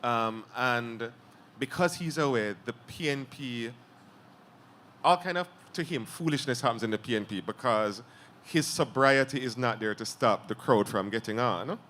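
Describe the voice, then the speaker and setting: A man's voice: mid-range voice, normal speed, a bit bright, slight background noise. A man with a Jamaican accent interviewing a writer, thoughtful, laughing easily and framing long questions. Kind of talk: conversational interview at a literary event.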